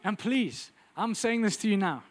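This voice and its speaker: A man preaching a sermon with intense, urgent delivery that drops to quiet, intimate asides. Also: sits high, animated, moderate pace.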